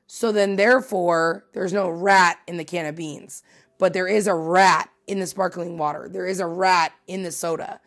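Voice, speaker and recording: A woman hosting a casual solo podcast, chatty and animated, swearing freely and poking fun at herself. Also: fairly low pitch, moderate pace. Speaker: podcast host.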